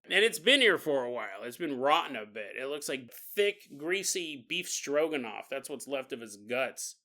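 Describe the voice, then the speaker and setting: A man's voice: mid-range voice, very animated, normal speed, sharp tone. A male podcast host telling a story in a casual, jokey way, often laughing and adding gross-out asides.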